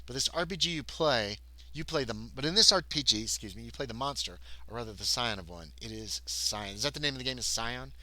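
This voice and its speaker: A man talks through a solo tabletop game on a livestream, switching between reading the scenario aloud and chatting about books with his chat. His voice is bright and animated, recorded dry on a close mic. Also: medium pitch, brisk, no room sound, rough recording. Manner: chatty, reads text aloud, thinks out loud. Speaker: solo game player and streamer.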